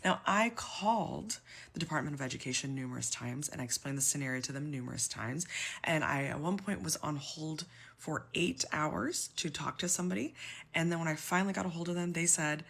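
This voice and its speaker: In a personal story video, a twenty-something public sector worker grows exasperated and emotional, almost crying. Her low, slightly rough voice has vocal fry and a fairly bright tone, and she speaks briskly.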